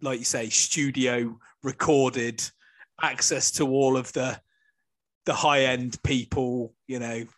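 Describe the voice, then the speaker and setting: A man's voice: mid-range voice, steady tone, slow, fairly bright tone. A man hosting a rugby podcast in casual banter, joking and swearing freely. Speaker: podcast host.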